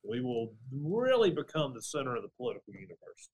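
Male academic, middle-aged, medium pitch, measured explainer voice for an interview guest. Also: sing-song, darkish tone, breathy edge, low-quality recording. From Georgia, USA. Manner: thoughtful, restarts phrases with "and, and" and "uh" while explaining. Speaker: political science professor, guest. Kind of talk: conversational interview.

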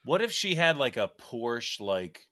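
A man co-hosting a podcast, teasing his co-hosts in quick casual banter. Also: mid-range voice, very animated, sharp tone, no room sound, studio quality. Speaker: podcast co-host. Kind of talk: casual chat.

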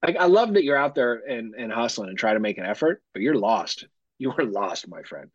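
Husky, lively man joking around. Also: mid-range voice, brisk, no echo, highs cut off. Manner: joking, animated, swears freely. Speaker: podcast co-host. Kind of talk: casual chat.

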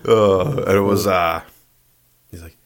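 Very deep-voiced joking young man. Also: fairly even intonation. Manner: joking, swears, slips into quick impressions. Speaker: podcast co-host. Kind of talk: casual chat. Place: small spare room used as a home studio.

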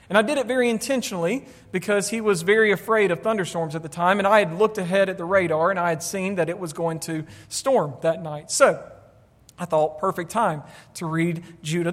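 A pastor with a notably high voice preaches to his congregation, pressing his points with emphatic repetition. His words carry a long reverb from a large hall, as in a church sanctuary. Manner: emphatic, repeats words for effect, addresses listeners directly. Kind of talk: sermon.

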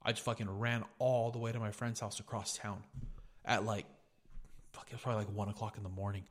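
Speaking a little fast in a level, lowish voice, a young podcast host tells a story. His style is easygoing and profane, peppered with lots of "dude."

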